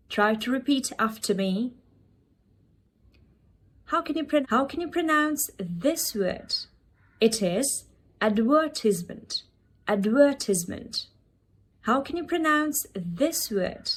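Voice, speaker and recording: A woman teaching English pronunciation, modelling words one at a time and asking the listener to repeat after her. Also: fairly high pitch. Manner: repetitive drill, modelling words slowly. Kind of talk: pronunciation lesson.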